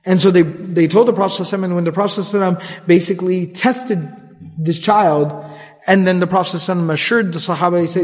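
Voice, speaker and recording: A man giving a conversational religious lecture in a casual, chatty way, breaking into quick Arabic recitation, recorded in a reverberant hall. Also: sits high, fairly even intonation, a little mellow. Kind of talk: conversational Islamic storytelling lecture.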